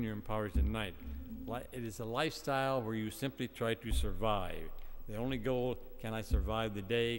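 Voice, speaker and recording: An older man preaching a folksy homily as a visiting speaker, telling stories with plenty of fillers, in a large church. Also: fairly low pitch. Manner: folksy, storytelling, halting with fillers. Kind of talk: homily with a joke. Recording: long church reverb.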